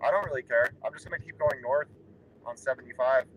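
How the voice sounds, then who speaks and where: Chatting casually from his car while driving on a road trip, a young man talks in a rambling, wry, offhand way. His mid-range voice is fast and fairly bright, the audio is poor, and faint road and vehicle noise sits in the background.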